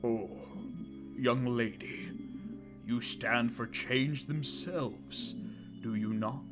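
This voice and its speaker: A man voicing a calm, grandiose king villain who wants the world frozen, speaking slowly and solemnly, with game music behind. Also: mid-range voice, voice pushed down. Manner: slow, solemn, drawn-out delivery.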